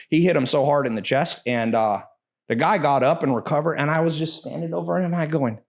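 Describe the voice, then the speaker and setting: A man's voice: on the high side, a little fast. A man in casual podcast talk, telling brash, profane stories with sudden bursts of emphasis.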